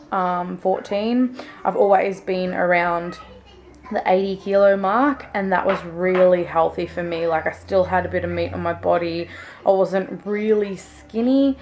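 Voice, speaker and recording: A woman's voice: lowish voice, a little mellow. A young woman with an Australian accent, chatting casually to camera in a rambling, um-filled way. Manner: chatty, rambling storytelling with frequent ums. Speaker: vlogger. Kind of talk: casual chat.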